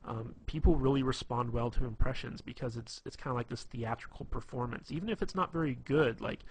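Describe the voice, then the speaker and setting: Husky man rambling through casual advice. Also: medium pitch, brisk, darkish tone. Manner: loose and rambling, many fillers and restarts. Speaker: dating advice presenter. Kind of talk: casual instructional talk.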